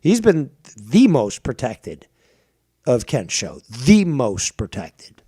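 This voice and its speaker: A man's voice: mid-range voice, huge pitch swings, slow, mellow, husky. A man hosting a heated podcast debate, ranting with emphatic swearing. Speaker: show host.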